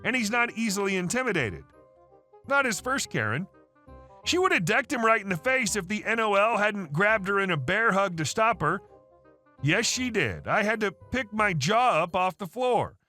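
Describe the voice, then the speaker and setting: A man narrating a workplace story from a written online post in a lively, expressive way. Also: high voice, moderate pace, soft background music. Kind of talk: scripted narration of a reddit story.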